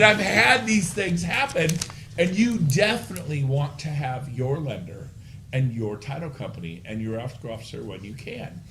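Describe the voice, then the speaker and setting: Brief: energetic man training agents live, slightly high voice, faint room noise. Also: moderate pace. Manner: energetic, animated storytelling. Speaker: real estate trainer.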